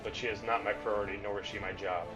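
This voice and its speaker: A man's voice: fairly low pitch, level tone, fast, a bit bright, soft background music, voice pushed down, natural voice. A man voicing a cold, proud female angel who speaks curtly and dismissively. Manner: curt, dismissive.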